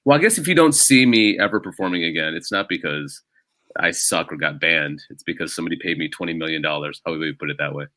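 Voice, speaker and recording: A man's voice: low voice, fast talker, bright, forceful tone, no echo. A male stand-up comedian as a guest on a casual podcast, telling rambling self-deprecating stories.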